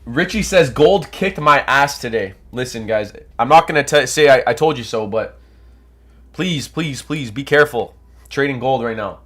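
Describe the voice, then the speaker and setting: A man's voice: medium pitch, moderate pace. A young Canadian man hosting a trading livestream, reading viewer comments and coaching in a hyped, casual way, with a nose stuffed up from allergies. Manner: energetic, hyped, coaching chat.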